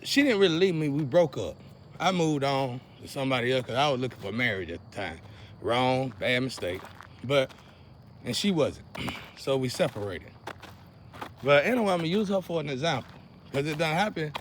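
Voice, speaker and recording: A young man, ranting to camera in a preachy, repetitive way that swings between loud outbursts and low muttering. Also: animated, normal speed, slight background noise. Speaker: vlogger. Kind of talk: casual rant to camera.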